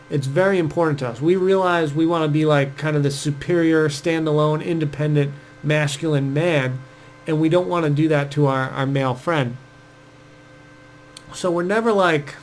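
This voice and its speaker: A man's voice: on the high side, a little mellow, a little hiss or hum, rough recording. A man giving casual dating advice, chatty and full of fillers, acting out quoted speech as he goes. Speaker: dating coach.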